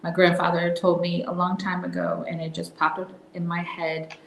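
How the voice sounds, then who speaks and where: A woman hosting a casual devotional talk, soft-spoken and reflective, now and then dropping into a whisper. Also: lowish voice, level tone, normal speed, gravelly, reverberant, slight background noise, low-quality recording. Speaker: host.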